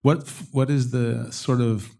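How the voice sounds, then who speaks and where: Gravelly man with a rambling question. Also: medium pitch, fairly even intonation, mellow. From Canada. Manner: rambling, halting, self-interrupting. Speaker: audience member asking a question. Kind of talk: public Q&A question.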